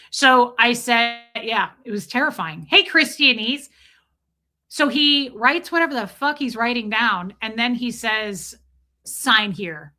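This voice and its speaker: A woman from the United States livestreaming, telling a story in a casual, profane, animated way with quick asides to chat. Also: fairly high pitch. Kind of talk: casual storytelling while reading live chat.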